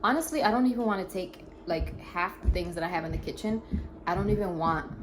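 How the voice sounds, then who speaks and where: A woman telling a story to her viewers in a casual vlog, animated and chatty, talking to her phone camera in an emptied apartment. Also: fairly low pitch, fairly quick, soft background music. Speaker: vlogger. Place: apartment during a move. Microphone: phone camera propped up.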